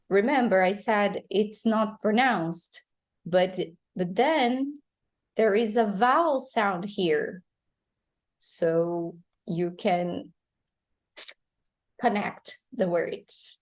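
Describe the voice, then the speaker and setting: A woman with a Brazilian Portuguese accent teaching English pronunciation, explaining slowly and modeling phrases for students to repeat. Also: mid-range voice. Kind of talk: pronunciation lesson.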